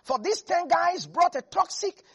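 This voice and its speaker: A man preaching a lively sermon who acts out biblical figures and laughs often. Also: very high-pitched, unhurried.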